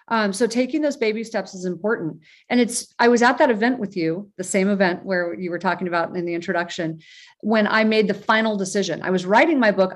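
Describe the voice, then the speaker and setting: Reflective woman author talking openly. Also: medium pitch. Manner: earnest, reflective, with fillers and restarts. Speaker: guest, author. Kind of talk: casual interview talk.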